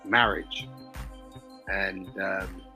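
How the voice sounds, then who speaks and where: A man's voice: deep voice, little pitch movement, drawn-out words, sharp tone, soft background music. A man on a podcast panel, talking hesitantly and searching for his words. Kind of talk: casual chat.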